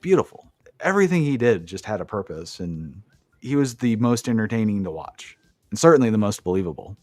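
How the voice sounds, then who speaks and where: A man's voice: lowish voice, very animated, fairly quick, no room sound. A man co-hosting a podcast, recapping wrestling matches in a casual, profane, enthusiastic play-by-play way. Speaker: podcast co-host.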